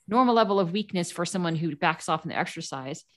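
Woman guest, low voice, animated storyteller who acts out quoted voices. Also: fast. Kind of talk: casual storytelling.

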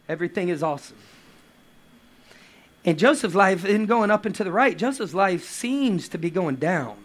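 A man preaching a lively sermon with playful asides and acted quotes. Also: high-pitched, moderate pace. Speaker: pastor.

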